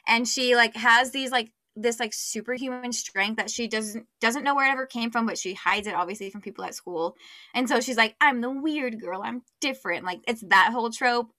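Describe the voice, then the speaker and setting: A woman's voice: on the high side, brisk, bright, forceful tone, no echo. A young woman co-hosting a podcast, chatting casually about a book, full of fillers. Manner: chatty, many fillers, acts out quotes. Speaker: podcast co-host.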